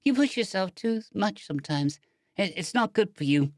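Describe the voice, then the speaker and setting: A man voicing a drowsy, injured young girl on painkillers who speaks slowly and dreamily. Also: high-pitched, expressive, no room sound, studio quality, pitched above the performer's own voice. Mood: earnest. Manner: slow, dreamy, humming speech. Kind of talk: audiobook character voice.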